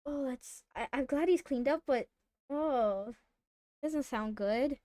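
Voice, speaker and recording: A woman streamer tells a story in casual live-stream chat, animated and swearing freely. Her voice sits a little high and comes across smooth and clear. The sound is close and dry. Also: slow, no echo.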